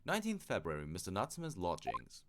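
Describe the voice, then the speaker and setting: A man's voice: low-pitched, huge pitch swings, a little fast, heavy background noise. A man hosting a game let's play, chatting casually and reading dialogue aloud. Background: game music.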